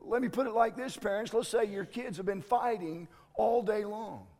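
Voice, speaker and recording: High-voiced, emphatic male preacher. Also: moderate pace, a little mellow, big-room sound. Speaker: pastor. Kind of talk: sermon.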